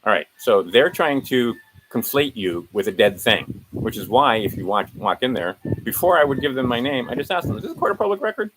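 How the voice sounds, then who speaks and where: A man's voice: mid-range voice, lively intonation, normal speed, a bit bright, a little hiss or hum, rough recording. A man walking viewers through his documents in a casual screen-share, rambling and correcting himself as he rattles off legal citations. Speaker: video host.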